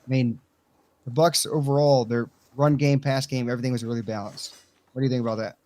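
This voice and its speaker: Casting: man, country accent, blunt fan-talk co-host, mid pitch. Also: steady tone, darkish tone. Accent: Southern US country. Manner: blunt, swears freely, fast storytelling. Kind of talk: casual sports talk.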